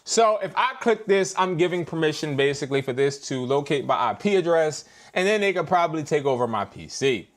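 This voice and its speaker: A man's voice: a little high, animated, a little fast, few pauses. A man hosting a live stream as a reseller, talking in a casual, slangy and exasperated way.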